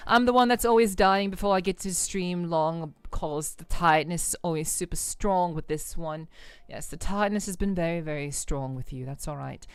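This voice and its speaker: Smooth-voiced woman chatting on stream. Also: on the low side, dry recording. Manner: rambling and friendly, stuttered restarts, many fillers. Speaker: live streamer. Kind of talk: casual live-stream chat with viewers.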